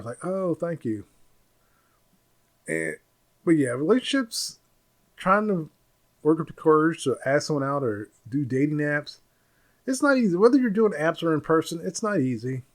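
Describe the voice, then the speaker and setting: A man hosting a podcast, talking through his opinions in a loose, rambling solo monologue, and popping into a louder, higher voice when he quotes people. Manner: rambling, opinionated, mimics others in raised voice. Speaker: podcast host. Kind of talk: casual monologue.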